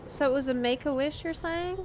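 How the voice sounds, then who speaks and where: A woman's voice: high voice, fairly quick, a little hiss or hum. A woman streaming a video game, chatting casually and reacting expressively. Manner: chatty, expressive, easily moved. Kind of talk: casual live-stream chat while playing.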